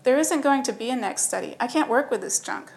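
A woman's voice: high-pitched, lively intonation, a little fast, gravelly, voice pushed up, poor audio. A woman voicing a frustrated male apprentice technician with a whiny, exasperated way of talking.

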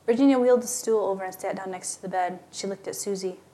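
A woman's voice: mid-range voice, fast talker, dark tone. A woman narrating a story aloud, lightly giving voice to the characters in plain storytelling. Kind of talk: scripted narration.

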